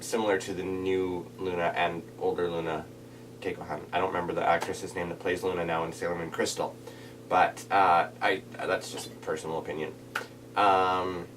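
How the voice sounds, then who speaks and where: Guy with a lowish voice rambling on in a vlog, sits back from the mic, faint hum behind. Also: fairly bright tone, far from the mic. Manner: rambling, many restarts and fillers. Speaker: vlogger reviewing anime dub voices. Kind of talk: casual reaction video monologue.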